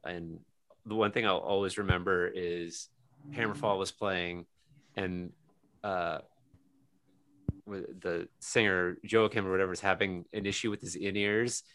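Animated, low-voiced man telling anecdotes. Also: measured pace, pauses often, a little hiss or hum. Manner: animated anecdote teller who laughs as he talks. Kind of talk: casual chat.

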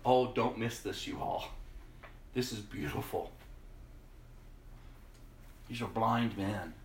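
A man preaching a sermon, reading scripture aloud and speaking emphatically, often dropping to a hush. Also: on the low side, distant mic, slight background noise. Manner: slow, emphatic, drops to a hush. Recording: roomy echo.

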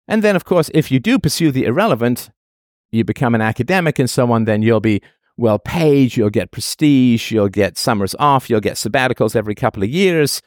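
A man works through a philosophical argument, emphatic and argumentative, and circles back to repeat his points. His voice sits at a middle pitch. The recording is dry and close, with no room sound. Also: expressive, fairly quick, no echo. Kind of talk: philosophical monologue.

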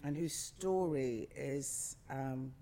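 A woman's voice: extremely low pitch, drawn-out words, mellow. Passionate middle-aged woman, emphatic guest. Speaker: actor guest. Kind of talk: casual interview chat.

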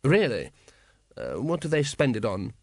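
A man voicing a dry, calculating older male ruler who speaks in measured, sardonic questions in an audiobook. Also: medium pitch, wildly swooping pitch, darkish tone, no echo. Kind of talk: audiobook character voice.

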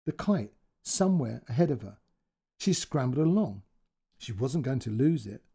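A male storyteller reading a short story aloud with expressive, emotional narration. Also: mid-range voice, moderate pace, slightly rough.

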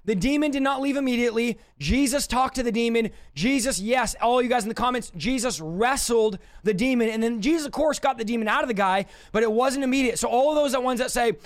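This very high-voiced man preaches deliverance teaching over a livestream, talking fast with hardly a pause. He's forceful and confrontational, driving each point home by saying it again.

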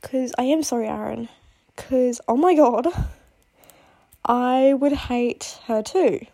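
A woman's voice: on the high side, slow pace, vocal fry, mellow. A young woman chatting casually about books she loves, gushing and rambling with lots of fillers, while sick with a cough. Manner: gushing and rambling, full of "like" and "oh my god". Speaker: book vlogger. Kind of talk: casual chat.

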